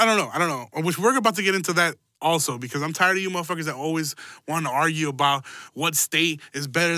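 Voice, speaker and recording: A man's voice: on the high side, pushed and bright, no echo, studio quality. A young man hosting a podcast, telling rambling stories in a loose, profane, chuckling way. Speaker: podcast host. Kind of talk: casual rambling podcast monologue.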